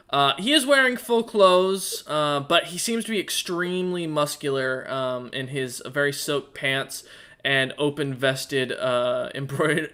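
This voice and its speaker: A man running a tabletop game, narrating casually and haltingly and stopping often to fill gaps with ums and uhs. His voice is bright and crisp and sits a bit high for a man. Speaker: game master.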